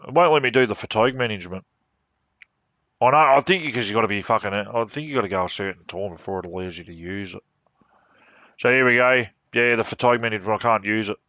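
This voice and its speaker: A man's voice: on the low side, quick pace, bright, forceful tone, dry recording. A man giving casual, rambling gaming commentary, full of swearing and cheeky jabs.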